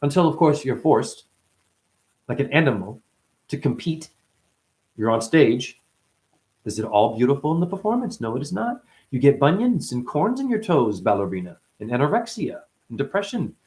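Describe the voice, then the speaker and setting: A man rambling through an unscripted monologue in the manner of a spiritual teacher, profane and playful. His pitch swings widely as he jumps between thoughts, and he keeps breaking into quick impressions of the people he describes. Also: sing-song, darkish tone. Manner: profane, playful, acts out voices of others.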